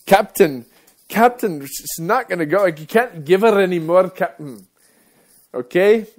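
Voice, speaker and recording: A man's voice: sits high, lively intonation, measured pace, voice pushed up. A man putting on a Scottish accent to play a panicked male starship engineer pleading with his captain. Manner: shouting, urgent pleading.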